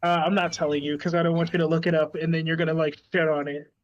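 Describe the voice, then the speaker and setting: A man's voice: on the high side, flat delivery, fast, dull audio. A man streaming live, chatting casually and swearing as he teases his friends. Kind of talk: casual chat.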